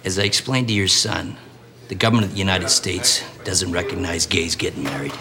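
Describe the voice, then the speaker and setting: A man's voice: low voice, fairly quick, a crowd in the background, lightly acted. A man playing a stiff customs officer. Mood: officious.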